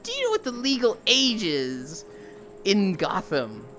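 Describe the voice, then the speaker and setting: A woman voicing a smug, theatrical male villain, speaking high and drawn-out in a gloating way. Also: huge pitch swings, a bit bright, soft background music.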